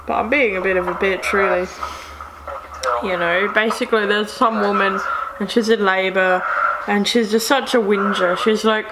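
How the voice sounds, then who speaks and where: A woman's voice: mid-range voice, steady tone, normal speed, noisy background. A young woman vlogging at home in casual chat, blunt and sarcastic, filmed by someone else on a handheld camera.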